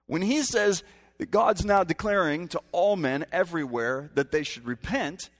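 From a stage in a church hall, a man preaches a sermon conversationally, then breaks into sudden emphatic rises. His voice is a little high and animated, unhurried with long pauses, and the hall adds long reverb.

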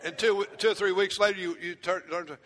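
A pastor preaching a sermon, animated and playful, acting out his congregation in asides. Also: high voice, quick pace. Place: church hall. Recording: church hall reverb.

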